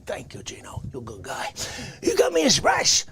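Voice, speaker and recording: A man putting on a hot-tempered, indignant Bronx character with a Bronx accent, yelling complaints in an improvised comedy bit. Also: high-pitched, wildly swooping pitch, normal speed, whispered, voice pushed up, full character voice. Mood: exasperated. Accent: New York Bronx, put on. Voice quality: gravelly, raspy, explosive shouting.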